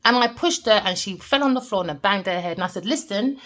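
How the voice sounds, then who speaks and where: A woman talks through a tarot reading in a lively, emphatic manner, often checking in with "all right?" Her pitch sits mid-range for a woman, and she speaks plainly and directly, as if telling a story to friends. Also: a little fast, few pauses. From Jamaican family background. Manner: animated, emphatic, repeats points with "all right?". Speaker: tarot reader.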